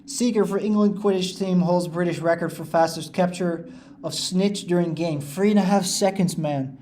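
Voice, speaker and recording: A man's voice: high-pitched, moderate pace, mellow, a little hiss or hum. A man giving casual, rambling commentary over a video game playthrough, filling his sentences with "like" and "uh". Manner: rambling, lots of "like" and "uh" fillers. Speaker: let's play host.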